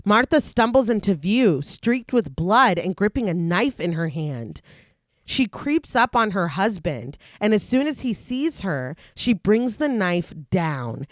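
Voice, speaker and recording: Lively woman recapping a horror film. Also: mid-range voice, no room sound, clean studio sound. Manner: recaps plot in long lively read-through, laughs often. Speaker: podcast co-host recapping a film. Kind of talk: casual chat and plot narration.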